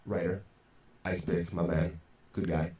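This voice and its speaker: Male podcast guest, low voice, casual frank storyteller, roomy echo, slight hiss. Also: little pitch movement, unhurried, warm tone. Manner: frank, conversational, frequent "you know". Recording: roomy echoey sound, faint background noise.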